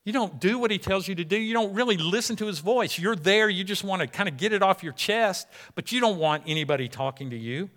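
A middle-aged man preaching a sermon as pastor, animated and acting out the people he quotes. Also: high voice, a little fast, hardly any pauses.

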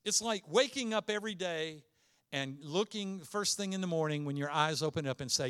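A pastor delivering a sermon in a fairly high voice. His tone is bright and forceful. He speaks earnestly and with emphasis, putting question after question to his listeners and drawing out key words. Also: clean tone. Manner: earnest, emphatic preaching with many rhetorical questions; slows down to stress key words.

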